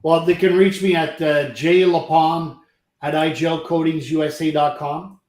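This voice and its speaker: A talkative, friendly man from Canada, here a company president chatting as a podcast guest. His voice is slightly high and he laughs easily. The recording carries a noticeable room echo. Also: level tone, normal speed, a little mellow. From French Canada. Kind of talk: casual chat.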